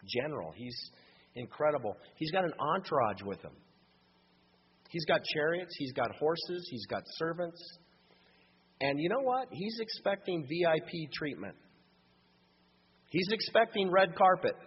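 A man preaching a sermon and reading scripture, dramatic, swinging between loud emphasis and hushed lines. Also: fairly high pitch. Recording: dull sound with long hall reverb and faint hum.

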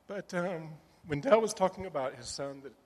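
A middle-aged man sharing a personal testimony with a church group, soft-spoken and halting, with many fillers. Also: fairly high pitch.

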